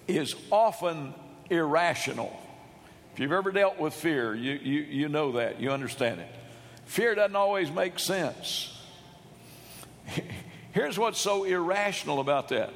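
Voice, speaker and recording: A man preaching a sermon, emphatic, rising to loud shouts when he quotes. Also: a little high, lively intonation, takes it slowly, creaky, pauses often. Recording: long hall reverb.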